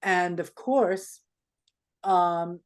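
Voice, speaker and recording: An older woman, an interview guest, telling stories in an animated way and acting out the people she quotes. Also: fairly low pitch, extremely slow. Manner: animated, acts out quoted dialogue. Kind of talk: anecdotal storytelling.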